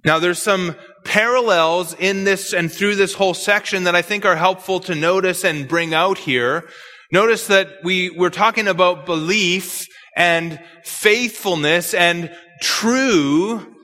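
A man preaching an expository sermon, emphatic and measured, with repetitions. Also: sits high, pushed and bright, big-room sound.

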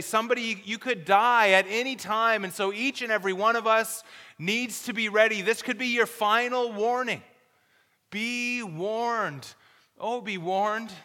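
A man's voice: sits high, bright, forceful tone. A male pastor preaching a sermon, reading scripture aloud and giving earnest, urgent warnings. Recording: long hall reverb.

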